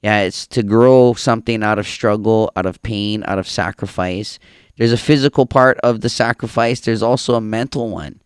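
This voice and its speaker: A man with a Hawaiian Pidgin accent hosts a relaxed podcast chat, talking in an easygoing, reflective way. His voice is smooth and resonant, recorded close and dry, with no room around it. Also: fairly low pitch, moderate pace, no room sound. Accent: Hawaiian Pidgin English. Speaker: podcast host. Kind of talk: casual chat. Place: farm.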